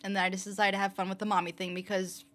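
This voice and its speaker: A young woman with a fairly low voice chatting casually on a livestream, playful and laughing often. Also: flat delivery, very fast, a bit bright. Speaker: streamer. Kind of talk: casual livestream chat reading comments.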